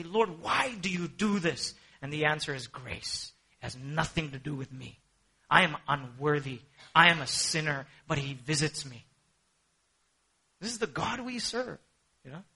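Husky high-voiced guy preaching, goes soft then loud. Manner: animated preaching, swinging between hushed and emphatic. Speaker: pastor. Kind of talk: sermon.

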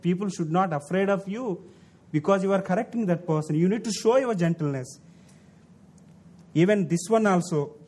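A man with a notably high voice preaches a sermon. His English has non-native phrasing, and he repeats key words and phrases for emphasis, pushing his voice up on the points that matter. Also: darkish tone. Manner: emphatic repetition, rising to stress points.

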